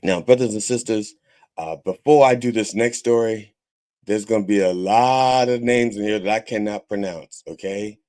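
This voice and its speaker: A man's voice: lowish voice, normal speed, a little mellow. A man hosting a comedic church-style podcast, rambling and swearing with preacher mannerisms. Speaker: host of a mock church podcast. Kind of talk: casual comedic sermon-style talk.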